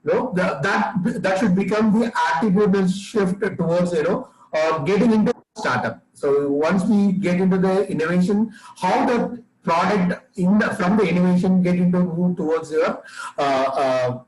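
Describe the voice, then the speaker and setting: A man with an Indian English accent giving a webinar presentation as faculty coordinator, halting and full of filler sounds. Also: high voice, darkish tone, roomy sound, rough recording.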